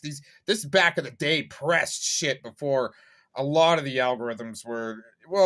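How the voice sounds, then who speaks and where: A man's voice: mid-range voice, a bit bright. A man reacting to an old clip on his stream, laughing often and rambling in amused, mocking commentary.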